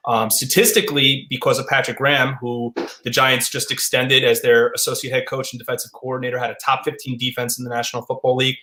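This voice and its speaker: Sports show host, a man with a mid-pitched voice, recorded with a roomy echo. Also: little pitch movement, fast, few pauses, pushed and bright. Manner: leads the panel, hands questions to co-hosts. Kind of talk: hosting a sports panel show.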